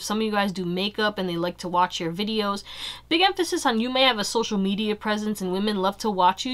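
A young woman giving a casual pick-a-card tarot reading, chatty and animated, full of fillers and asides to her viewers. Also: medium pitch. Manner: chatty, animated, fillers like "you know" and "y'all". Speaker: tarot reader.

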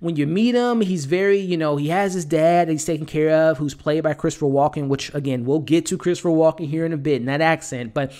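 A man's voice: on the high side, fast, few pauses, darkish tone. A man giving a casual spoken film review in a conversational way, with lots of fillers and repeated words, and blunt in his criticism. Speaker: movie reviewer.

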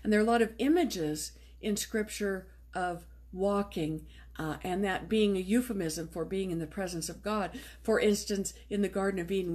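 A woman preacher giving a sermon in a church, reading scripture and then retelling the story in a relaxed, conversational way. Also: lowish voice. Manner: conversational, retells story with lively voiced quotes.

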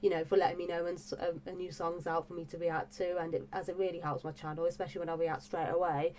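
Talking fast in a lowish, level, darkish voice, a woman vlogs casually and excitedly about her music reaction channel on YouTube. Her delivery is gushing and breathless, full of fillers and exclamations she keeps repeating.

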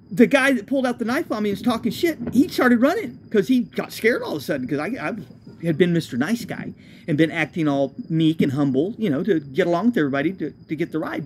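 A man's voice: high voice, lively intonation, quick pace, darkish tone, a little hiss or hum. A man, a homeless traveler, telling his own road story in a loose, profane, self-correcting way. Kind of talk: rambling spoken storytelling.

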